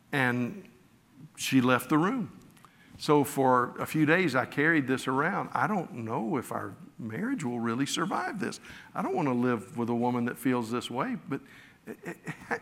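A man's voice: medium pitch, vocal fry, a bit bright. A man preaching a sermon, telling stories about himself with a self-deprecating touch and frequent restarts. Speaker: pastor. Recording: long hall reverb.

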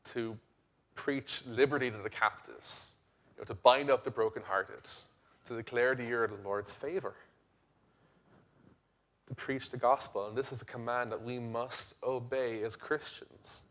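A young adult man, a pastor preaching a sermon in an earnest way, rising to loud emphasis and dropping to quiet intensity. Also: medium pitch, steady tone, measured pace.

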